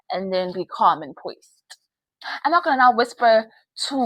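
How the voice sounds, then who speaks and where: A young woman hosts a casual advice chat, candid and animated, laughing often. Her voice is bright and forward, recorded dry and close with no room sound. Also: a little high, moderate pace, no echo, low-quality recording. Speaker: podcast host.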